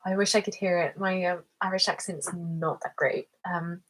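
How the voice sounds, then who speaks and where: A young woman hosting a casual whispered live-stream chat, soft-spoken and chatty, with lots of "like" fillers. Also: lowish voice, steady tone, moderate pace, low-quality recording. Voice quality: soft, breathy, often whispered. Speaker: ASMR host.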